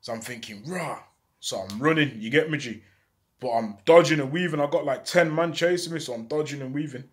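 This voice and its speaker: A man's voice: fairly high pitch, brisk. Young man telling a street story. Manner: street slang, acts out quoted voices. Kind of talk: casual storytelling.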